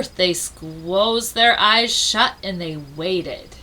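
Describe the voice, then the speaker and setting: A woman reading a children's storybook aloud with expressive delivery and dramatic pauses. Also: on the low side, low-quality recording. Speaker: storybook reader.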